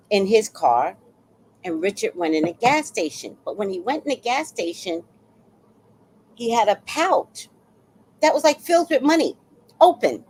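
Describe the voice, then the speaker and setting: A woman's voice: high-pitched, rough recording. A woman telling a personal story in a casual monologue, acting out what others said. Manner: animated, acts out quoted voices.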